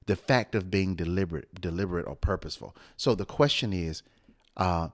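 A man co-hosting a late-night motivational live stream, with a smooth radio-style voice and a preacherly way of repeating phrases for emphasis. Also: sits low, moderate pace.

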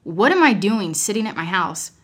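A woman's voice: mid-range voice, very animated, normal speed, fairly bright tone. A mother sharing a personal story as a guest, frank and rambling, breaking into laughter often. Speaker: podcast guest; mother of several children.

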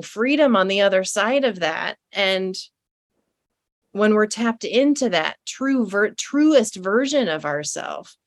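A woman's voice: a little high, no echo. A woman hosting a casual conversation, enthusiastic and affirming, leaning on "right?" and "you know". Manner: enthusiastic and affirming, with many fillers.

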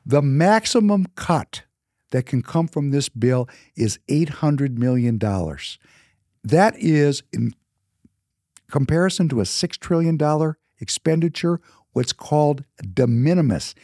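A man hosts a podcast and delivers heated, opinionated commentary. He hits his points hard and slows right down to stress key words. His voice is a touch high and swings widely in pitch, recorded dry and close. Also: animated, mellow, dry recording. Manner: impassioned, emphatic, slows words for emphasis. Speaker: podcast host.

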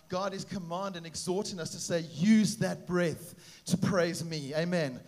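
A man preaching a sermon at a church gathering, upbeat and animated, with frequent "uh" fillers. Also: high-pitched. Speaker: pastor.

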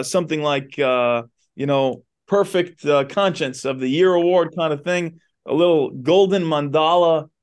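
A man teaching a class in a synagogue, retelling a story loosely with many asides. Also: on the high side. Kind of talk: storytelling lecture.

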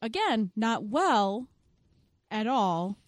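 A woman co-hosting a casual movie review podcast, making unhurried remarks. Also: a little high, sing-song, no echo, studio quality. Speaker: podcast co-host.

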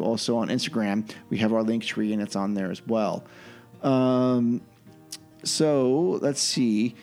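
A man hosts a relaxed podcast in an easygoing, rambling way. His voice sits at an average pitch, with frequent ums and restarts. Faint music plays underneath. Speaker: podcast host. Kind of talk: casual chat.

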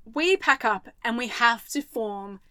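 A woman's voice: on the high side, unhurried, dry recording. Australian woman telling a story, dry close mic. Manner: animated storyteller, acts out quoted voices. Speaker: podcast co-host. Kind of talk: casual chat, storytelling.

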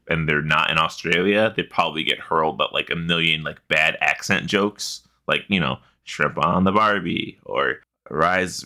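Bright-voiced joking podcast co-host, a man. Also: sits low. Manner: joking, swears freely. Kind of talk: casual chat.

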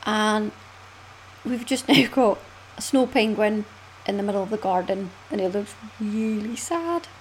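A Scottish woman hosting a casual knitting podcast, chatty and quick to laugh, often swooping up in pitch. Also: slight background noise, rough recording. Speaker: podcast host.

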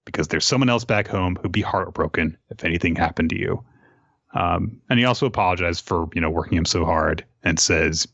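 A man's voice: sits low, normal speed, fairly bright tone, no echo. A man co-hosting a podcast, recapping a comic in a joking, casual way, on a dull lo-fi recording. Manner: joking, with frequent laughs. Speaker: podcast co-host.

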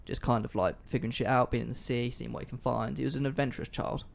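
A man's voice: medium pitch, fairly even intonation, fast, gravelly. A man hosting a casual history podcast, chatty and offhand, swearing freely. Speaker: podcast host.

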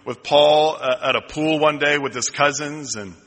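A man's voice: fairly high pitch, moderate pace, fairly bright tone. A middle-aged male pastor preaching a sermon, telling stories with self-deprecating humor. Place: church sanctuary. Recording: long reverb in a church hall.

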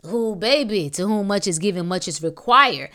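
Woman, motivational podcast host, preachy casual delivery, average pitch. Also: lively intonation, sharp tone. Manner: preachy, emphatic, casual slang with drawn-out exclamations. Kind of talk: motivational monologue.

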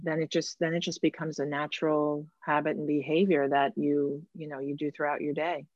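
A woman's voice: deep voice, level tone, moderate pace, darkish tone, dry recording. Earnest woman coach, dull dry audio. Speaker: women's life coach. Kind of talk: reflective conversation.

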